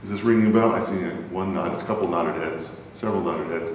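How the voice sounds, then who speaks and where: A man teaching an adult Bible class in a conversational way, often asking the class questions. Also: quick pace. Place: church classroom. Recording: very echoey hall, far from mic, faint rumble.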